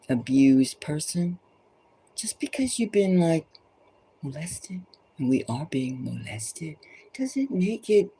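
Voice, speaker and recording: Heard on a low-quality recording, this woman's voice is low, gravelly and mellow with a slightly rough edge. She's a tarot reader preaching passionately, repeating urgent exhortations and occasionally dropping into a whisper.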